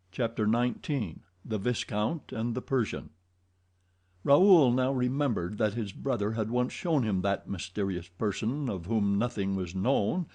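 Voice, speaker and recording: A man narrating a classic novel as an audiobook, with measured storytelling. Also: medium pitch, warm tone. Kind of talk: scripted narration.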